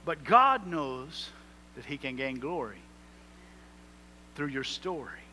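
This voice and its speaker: A man's voice: fairly high pitch, very animated, takes it slowly, sharp tone, a little hiss or hum. A man preaching a sermon, rising into emphatic swells and acting out prayers in quotes. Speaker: pastor.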